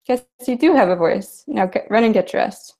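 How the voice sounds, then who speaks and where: A woman voicing a stern school director who barks orders, during a literary reading, with a gravelly voice. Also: medium pitch, lively intonation, moderate pace, a little mellow. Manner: barking orders. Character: stern, impatient school director, grown man.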